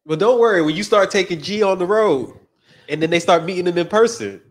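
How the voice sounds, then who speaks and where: A man co-hosting a talk show in casual chat, quick to react and laugh. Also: sits high, animated. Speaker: co-host.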